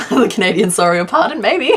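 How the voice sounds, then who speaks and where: A woman's voice: mid-range voice, expressive, a little fast, a bit bright, breathy edge. Chatty Australian woman crochet streamer. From Western Australia. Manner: chatty, laughs often, answers chat. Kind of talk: casual live-stream chat while crocheting.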